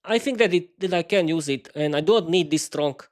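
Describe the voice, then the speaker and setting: Speaking briskly into a desk mic in his small home studio, a podcast host with a voice a bit higher than usual rambles to live-stream viewers. He stumbles, stutters, and restarts frequently, chatting away as he adjusts the lighting.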